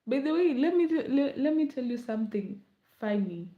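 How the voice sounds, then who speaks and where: A woman's voice: high-pitched, animated, moderate pace, narrow, tinny audio. Chatty Kenyan woman, late-night murmur. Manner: rambling, chatty, laughs often, drops to soft murmurs. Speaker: vlogger. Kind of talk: casual late-night chat.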